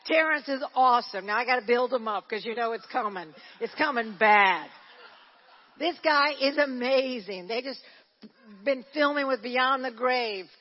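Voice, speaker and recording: A woman pastor preaching a sermon, telling a story with animated energy and shouting at its high points. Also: moderate pace. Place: church hall. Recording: dull lo-fi recording in a church hall.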